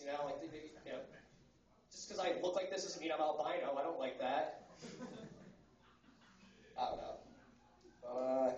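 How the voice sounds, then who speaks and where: Fast, crude young male stand-up comic. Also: fairly high pitch, darkish tone. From United States. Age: 20s. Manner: fast, crude, rambling with fillers. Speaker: stand-up comedian. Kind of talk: stand-up comedy set. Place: coffee house stage. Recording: roomy, distant, muffled live recording.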